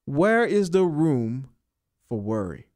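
A man preaching to his congregation in a slightly high voice. He leans on repetition, coming back to the same phrases again and again. On the key words his pitch climbs. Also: sing-song, slow pace, a little mellow. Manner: preacherly, repeats and stresses key phrases, rising on emphasis. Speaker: pastor. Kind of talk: sermon.

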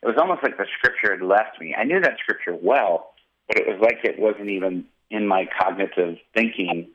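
A male pastor telling a personal testimony in an interview, animated and vivid. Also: on the low side, moderate pace, dull audio. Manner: animated storyteller, acting out quotes.

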